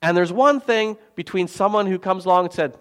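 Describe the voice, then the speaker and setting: A man preaching a sermon as pastor, swinging between loud emphasis and quiet, soft asides. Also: high voice, a little fast. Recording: long hall reverb.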